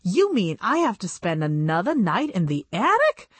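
A woman's voice: medium pitch, wildly swooping pitch, moderate pace, breathy edge, no echo. A woman voicing an eccentric, fussy older female doll who loves bugs, in a chirpy, breathless storybook voice. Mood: fussing.

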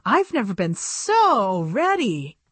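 A woman's voice: mid-range voice, wildly swooping pitch, slow pace, fairly bright tone, husky, no room sound, voice pushed up, exaggerated voice. A woman voicing an eccentric, fussy older female doll who loves bugs, in a chirpy, breathless storybook voice. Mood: eager.

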